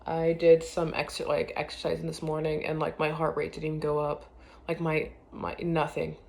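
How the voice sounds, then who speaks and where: A woman talking in a casual confessional vlog, rambling and hesitant with many fillers, often trailing off quietly. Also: low voice, completely flat delivery, moderate pace, vocal fry, slight background noise.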